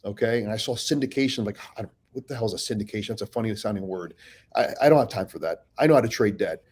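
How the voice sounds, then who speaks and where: A man talking as a podcast guest in casual, blunt, profane storytelling, animated and full of restarts. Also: on the low side, fast, husky.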